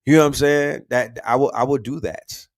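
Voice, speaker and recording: A man hosting a casual livestream, talking in slang and shouting out the cities his viewers are watching from. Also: mid-range voice, steady tone, a little fast, no room sound, clean studio sound. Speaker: livestream host.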